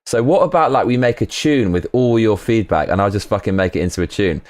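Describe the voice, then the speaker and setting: Lively man chatting while making beats. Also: on the low side, fairly quick. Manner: excitable, laughing, swearing, reading chat aloud. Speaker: streamer making music live. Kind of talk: casual livestream chat.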